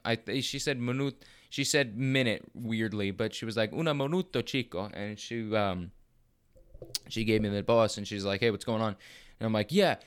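Here the pitch sits fairly low and the pace is moderate, with a clean tone. It's a young Arizona man telling a meandering, foul-mouthed story in relaxed podcast chat, lively in how he imitates the folks he quotes.

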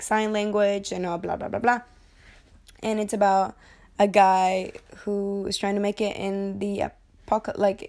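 A woman's voice: mid-range voice, a little mellow. A woman chatting casually about movies, joking, swearing freely and wandering off on tangents. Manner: rambling, jokey, swears freely, goes off on tangents. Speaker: movie review vlogger.

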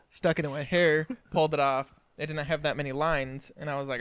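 Clear-voiced young man telling a funny story. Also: fairly high pitch, fairly quick, dry recording. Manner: animated storyteller, acts out quoted family voices and laughs through his story. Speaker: podcast co-host. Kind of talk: casual storytelling chat.

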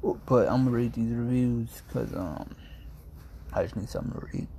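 This streamer reads reviews to his viewers in a relaxed chat, his medium-pitched voice warm and his pace normal. He wanders off topic easily, using lots of slang and amused side comments, with a little hiss or hum in the audio.

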